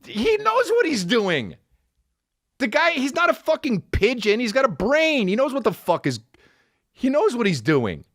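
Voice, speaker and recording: A man's voice: very high-pitched, wildly swooping pitch, unhurried, a bit bright, dry recording, studio quality. A man hosting a podcast, ranting casually in a profane, rambling way, full of restarts as he tells a story. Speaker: podcast host. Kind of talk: casual comedic rant. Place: podcast studio.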